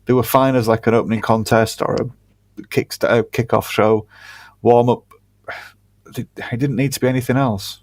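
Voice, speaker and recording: A man co-hosting a wrestling podcast in an easygoing, laid-back way. He adds dry jokes and fills his pauses with ums. His voice is mid-pitched, and the sound is dry and close to the mic. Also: steady tone, a little mellow, no echo. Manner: laid-back, says um a lot, dry humor. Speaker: podcast co-host. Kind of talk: casual wrestling podcast chat.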